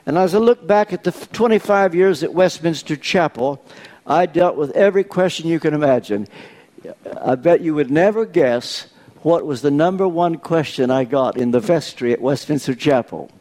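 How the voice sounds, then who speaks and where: An older man in his eighties preaching a sermon, deliberate and posing rhetorical questions to his congregation. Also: on the high side, a little mellow. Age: 80s.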